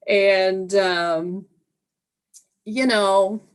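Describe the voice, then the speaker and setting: A woman doing a stand-up set with a slow deadpan delivery, voicing her young daughter in between. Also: medium pitch, clean tone. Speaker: stand-up comedian.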